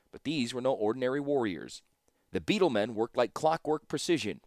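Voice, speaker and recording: A man narrating an audiobook in a measured, steady storytelling manner. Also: mid-range voice, no echo, studio quality.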